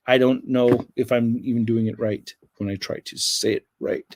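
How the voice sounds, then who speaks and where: A man's voice: medium pitch, fairly even intonation, moderate pace, hardly any pauses, darkish tone, no echo. An American man hosting a casual livestream, rambling and reading viewer comments aloud. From United States. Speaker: livestream host.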